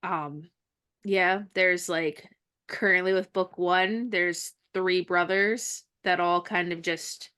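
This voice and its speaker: Her voice is fairly low, slow and smooth. She's a podcast host and author, an animated storyteller who performs snippets of dialogue during casual conversation.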